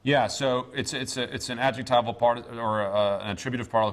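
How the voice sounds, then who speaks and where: A man teaching a classroom Greek lesson, speaking deliberately with many pauses and fillers. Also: lowish voice, fairly even intonation. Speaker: seminary professor.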